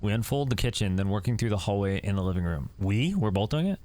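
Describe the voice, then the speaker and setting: A man reading a text adventure aloud and breaking in with jumpy, excitable reactions. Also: lowish voice, fast talker. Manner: reads story text then reacts with jumpy, excitable commentary. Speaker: gaming YouTuber.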